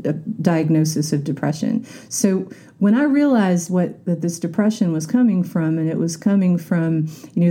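A woman's voice: on the low side, dark tone. A woman talking candidly in a casual reflective monologue, rambling a little and acting out the voices she quotes.

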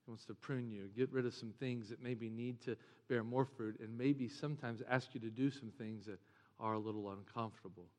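A man preaching a sermon as pastor, animated and joking, sometimes mimicking whiny voices. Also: mid-range voice, a little fast. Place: church sanctuary. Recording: long reverb of a large hall.

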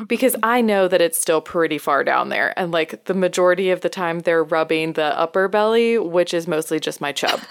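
A woman's voice: on the low side, fairly quick, hardly any pauses, clean tone. A woman in her thirties from New York, a midwife co-hosting a podcast, telling candid stories in casual chat and laughing often. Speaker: co-host, midwife.

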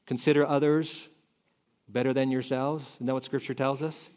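A male pastor preaching a conversational sermon, shifting between loud emphasis and soft asides. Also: mid-range voice, little pitch movement, normal speed. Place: church sanctuary. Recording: reverberant hall.

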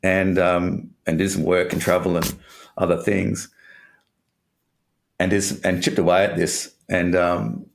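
Gravelly deep-voiced Australian-born man. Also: flat delivery, measured pace. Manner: candid, rambling, swears casually. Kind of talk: casual personal storytelling.

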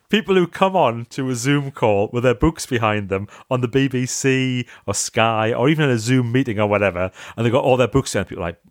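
A man telling lively, self-mocking stories in a casual chat over a video call from his office library. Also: medium pitch, dry recording, studio quality. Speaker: podcast guest, author.

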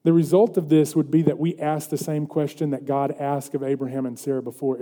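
A man's voice: a little high, flat delivery, brisk, dark tone. A man preaching a sermon as pastor, earnest and building to emphatic questions. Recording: long hall reverb.

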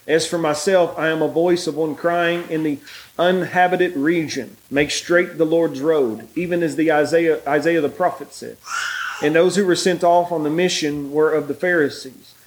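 A man's voice: on the high side, low-quality recording. Man leading a bible study. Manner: relaxed, halting, many fillers; reads scripture aloud in a raised voice. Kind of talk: prayer and scripture reading.

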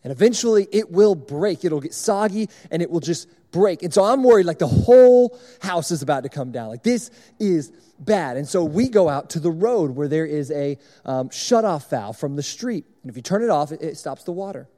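A young man preaching, telling a personal story in an animated, self-mocking way to a congregation. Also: fairly high pitch, moderate pace, in a large hall. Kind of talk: sermon storytelling.

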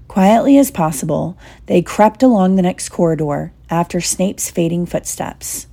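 A woman reading an audiobook in a steady, measured storytelling voice. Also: fairly low pitch, gravelly. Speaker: audiobook reader. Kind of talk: audiobook narration.

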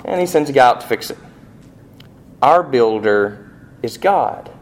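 A man preaching a sermon as pastor, animated, with rising emphasis and rhetorical questions. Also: mid-range voice, a little slow.

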